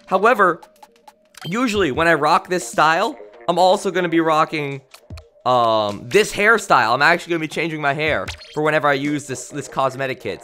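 A young man streaming a video game, talking in an excitable, jokey, rambling way with many restarts. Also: on the high side. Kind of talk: live stream commentary.

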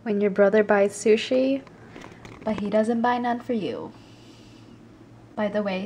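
A woman's voice: medium pitch, lively intonation, a little slow, pauses often, dark tone, a little hiss or hum, rough recording. A young woman book vlogger, chatty and upbeat, filming herself on a phone. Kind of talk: casual vlog. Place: home.

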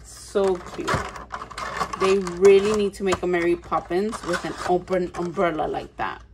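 A woman unboxing collectible toys in casual chat, gushing over each one, gasping often and slipping into soft whispers. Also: fairly low pitch, fairly even intonation, measured pace, background noise. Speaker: toy collector vlogger.

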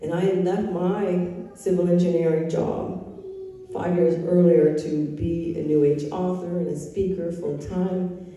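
A woman's voice: fairly low pitch, fairly even intonation, unhurried, warm tone. A woman sharing her personal faith testimony, telling it earnestly and with emotion. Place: live event room. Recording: echoey hall, picked up from far off.

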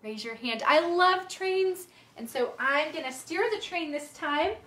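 Her high, bright and forceful voice has lively intonation and an unhurried pace as this young woman leads children through a music and movement class. The livestream comes from an echoey indoor room, and she's playful and sing-song, singing frequently and playing vocal games.

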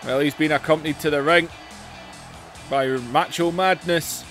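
Guy calling wrestling game moves, voice going hoarse, higher pitched, gets loud and excited, faint game music behind. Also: moderate pace. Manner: excitable, shouts and calls out moves, says "man" often. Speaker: game commentator. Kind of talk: play-by-play commentary over a wrestling video game.

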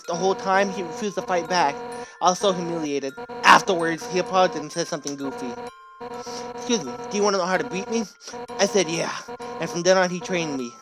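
A man's voice: high voice, voice pushed down. A man voicing a brash, blunt fish warrior woman who leads a royal guard, reading game dialogue aloud over game music. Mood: reminiscing.

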